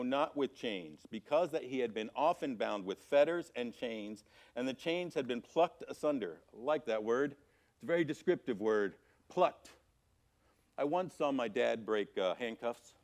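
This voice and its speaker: A man teaching a church Sunday school class from scripture, animated, swinging from loud emphasis to quiet, low passages. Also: moderate pace. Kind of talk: Bible teaching. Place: church auditorium.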